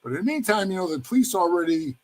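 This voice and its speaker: Speaking quickly in a high, sing-song voice, this former motorcycle club member tells a long, rambling tale from his past in a casual interview. He says "bro" a lot and performs the quoted voices of other people.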